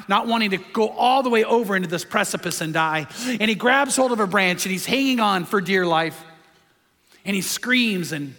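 A male pastor preaching with emphasis, often asking his listeners questions. His voice sits high and sounds bright and forceful. It carries a long hall reverb. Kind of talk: sermon.

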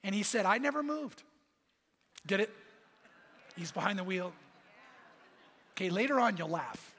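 A man's voice: high-pitched, normal speed, a bit bright, breathy edge. A man preaching a sermon, telling stories and quoting dialogue with emphatic repetitions. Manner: storytelling with quoted voices, emphatic repetitions. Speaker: pastor. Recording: long hall reverb.

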